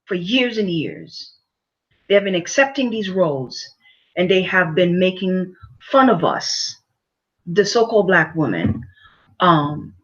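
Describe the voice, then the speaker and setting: A woman vlogger talks straight to her viewers in an emphatic, lecturing way, stumbling over fillers and repeating her words as she works out her point. Her voice sits at an ordinary middle pitch. The home recording sounds dull and lo-fi. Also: a bit bright. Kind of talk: opinion commentary to camera.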